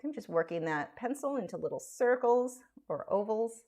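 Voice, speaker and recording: A woman's voice: fairly high pitch, lively intonation, moderate pace, a little mellow. A woman artist chatting casually on a live stream while she draws, rambling and self-deprecating.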